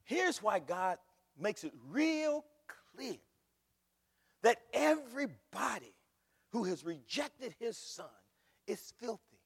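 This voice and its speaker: A man preaching a sermon as pastor, swinging from soft asides to loud shouting, mocking quoted voices along the way. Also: high-pitched, very animated, takes it slowly, creaky, pauses often, husky. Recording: echoey hall recording.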